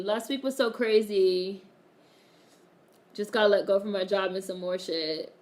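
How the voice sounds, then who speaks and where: A woman's voice: medium pitch, measured pace. A woman hosting a casual live stream, chatting and reading viewer comments aloud, swearing freely and laughing often.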